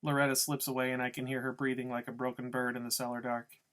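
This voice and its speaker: A man reading a novel chapter aloud in a steady first-person narration. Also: mid-range voice, quick pace. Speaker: audiobook reader.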